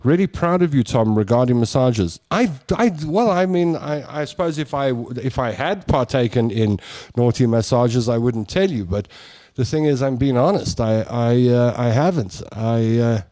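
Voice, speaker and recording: A man's voice: mid-range voice, animated, moderate pace, dark tone, dry recording. Chatty male talk-show host. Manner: chatty storyteller, reads out listener messages, laughs often. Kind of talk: casual talk-show chat.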